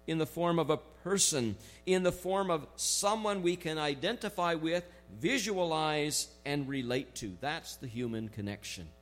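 A man preaching a sermon in a conversational way, slowing down to stress key phrases. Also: fairly high pitch. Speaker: pastor.

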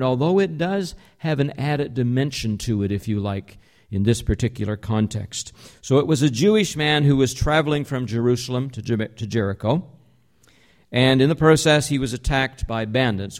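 A man delivering a sermon as pastor, in a conversational, explanatory way, slowing down to stress key words. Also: mid-range voice, darkish tone.

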